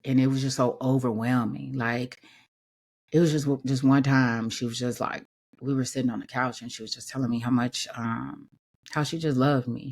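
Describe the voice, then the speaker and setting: A woman's voice: extremely low pitch, moderate pace, darkish tone. A woman with features hosting a podcast, speaking candidly and emotionally in a conversational monologue full of fillers. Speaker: podcast host. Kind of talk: personal reflective monologue.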